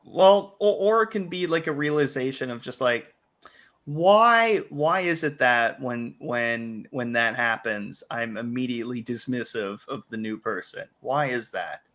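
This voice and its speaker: Brief: male stream host, bright tense tone, casual rambling chat, lots of restarts. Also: medium pitch, moderate pace, few pauses. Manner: rambling, self-interrupting, frequent restarts and quoted asides. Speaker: livestream host.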